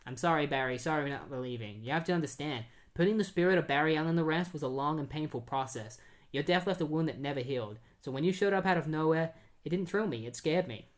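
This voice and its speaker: A podcaster reading the lines of a hot-headed young male superhero, quickly and with exasperation. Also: medium pitch, animated, natural voice. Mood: apologetic.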